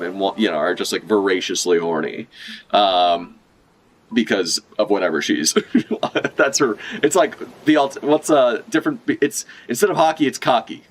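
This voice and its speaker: A young man giving excited, joking live reaction commentary, swearing freely and laughing a lot. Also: medium pitch, slight background noise. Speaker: manga reaction streamer.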